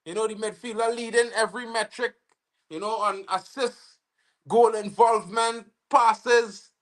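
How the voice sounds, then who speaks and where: Excitable Trinidadian man calling a match. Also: high-pitched, measured pace. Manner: excitable, slangy, bursts into shouting at goals. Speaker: football fan livestream host. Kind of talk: live match watch-along commentary.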